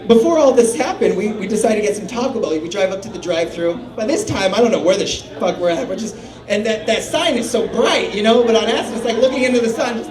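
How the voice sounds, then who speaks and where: Male stand-up comic in a bar, animated and profane, heard from a distance in a roomy room with a crowd behind him. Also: high voice, quick pace. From Salt Lake City area. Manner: animated, swearing, acting out friends' lines. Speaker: stand-up comedian. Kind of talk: stand-up storytelling. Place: small bar stage. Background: crowd laughing.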